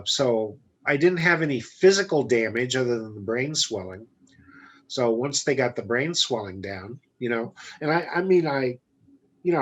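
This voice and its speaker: A man's voice: medium pitch, breathy edge. A man, a business guest, telling a personal story in a casual interview, bluntly acting out the dialogue. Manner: blunt, animated retelling with quoted dialogue. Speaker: guest entrepreneur.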